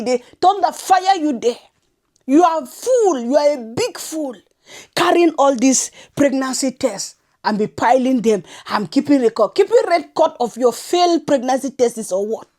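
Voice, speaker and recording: Woman, high voice, fiery scolding reaction host. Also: darkish tone. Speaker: reaction commentator. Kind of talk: ranting reaction vlog.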